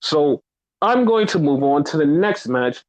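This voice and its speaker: A man's voice: a little high, expressive, unhurried, a little mellow, low-quality recording. A man co-hosting a wrestling podcast, ranting with heavy swearing and exasperation, mocking fans in quoted voices. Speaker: podcast co-host.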